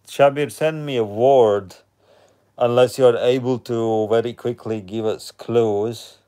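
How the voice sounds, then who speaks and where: Slow-talking, laid-back male streamer. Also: on the low side. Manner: relaxed, chatty, reading out viewer comments. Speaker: live stream host. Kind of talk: casual live chat with viewers.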